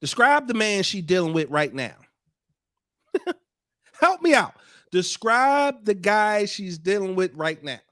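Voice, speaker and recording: An animated man hosts a podcast, his voice a little high and recorded close and dry. He drives his points home and repeats himself for effect. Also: measured pace, no echo. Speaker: podcast host. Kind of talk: podcast commentary.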